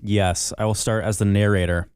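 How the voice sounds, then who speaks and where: A man's voice: fairly low pitch, fairly even intonation, moderate pace, darkish tone, clean tone, no room sound, clean studio sound. A man co-hosting a podcast, chatting casually and narrating a children's story in a sinister movie-trailer style. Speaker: podcast co-host.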